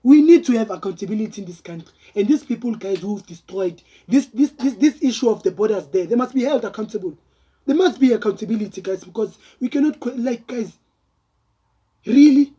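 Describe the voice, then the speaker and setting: Man, rambling vlog commentary, dark husky voice. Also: sits high, animated, quick pace. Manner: heated, rambling, addresses viewers as guys. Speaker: vlogger. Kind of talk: casual reaction commentary.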